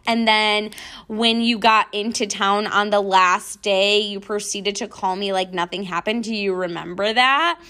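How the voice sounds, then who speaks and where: Bright chatty young woman podcaster. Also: mid-range voice, steady tone, unhurried. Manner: chatty, frequent "like", mocking retellings. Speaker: podcast host. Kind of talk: casual storytelling to listeners.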